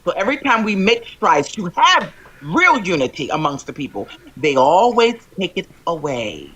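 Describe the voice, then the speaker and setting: A panelist speaking in a forceful, profane, emphatic way during a heated political panel chat, calling in remotely. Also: medium pitch, very animated, moderate pace. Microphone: remote call-in to live panel.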